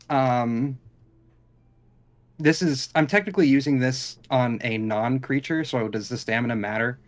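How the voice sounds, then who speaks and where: A man speaks as a player in a tabletop fantasy game, with a voice in the middle of the usual range. He talks loosely and casually, stumbling over words and restarting his sentences as he explains what his character does. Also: medium pitch. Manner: rambling, self-correcting.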